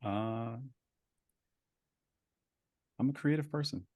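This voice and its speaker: A man with a lowish voice talks about his work as a voice actor over a video call. He is reflective and leans on filler words as he thinks aloud. The sound is dry and close. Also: fairly quick, no room sound. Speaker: voice actor guest. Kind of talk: casual interview talk.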